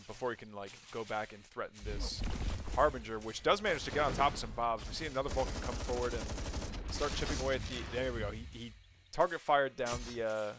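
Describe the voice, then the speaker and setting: A man giving relaxed color commentary on a strategy game match, often hesitating and hedging his opinions. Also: mid-range voice, background noise. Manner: relaxed, hesitant, many ums and likes. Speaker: co-caster.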